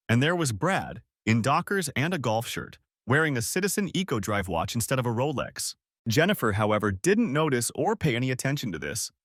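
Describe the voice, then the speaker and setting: A man narrating a story audiobook with a lively, expressive delivery into a close mic. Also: mid-range voice, no echo.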